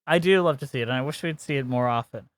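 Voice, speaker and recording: A man co-hosting a podcast, chatting casually and giving firm opinions, laughing often and slipping into quick voice impressions. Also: medium pitch, no room sound, clean studio sound. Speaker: podcast co-host. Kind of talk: casual chat.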